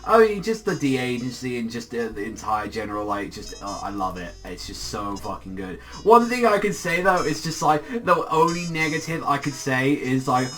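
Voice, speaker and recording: An excitable man talks through an anime episode in a loose, rambling review. His voice is bright and forceful, and he swears freely. He leans on "like" in nearly every sentence. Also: mid-range voice, moderate pace, few pauses, soft background music. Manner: excitable, profane, heavy use of filler "like".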